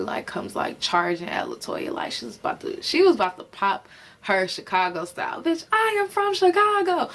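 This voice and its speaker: A woman with a slightly low-pitched voice talks through a reality show episode, sounding tired and loose. She rambles, leans on fillers, swears freely, and giggles as she goes. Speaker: reality TV recapper. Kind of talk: casual unscripted episode review.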